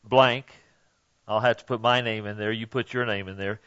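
A man preaching a sermon in a conversational way, often checking in with "okay?", rising on his key questions and dropping low for asides. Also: brisk, a bit bright, highs cut off. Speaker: pastor.

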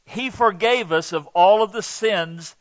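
A man's voice: high-pitched, measured pace, no room sound, lo-fi sound. A male pastor preaching a sermon in an earnest, emphatic way, acting out quoted lines.

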